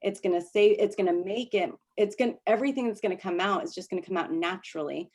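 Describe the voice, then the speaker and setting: A woman coaches a small group in a relaxed, talky way over a video call. She laughs easily and trips into restarts. Her voice sits in an ordinary middle pitch. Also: fast talker. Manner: chatty, laughing, many restarts. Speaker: workshop presenter. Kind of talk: casual coaching talk.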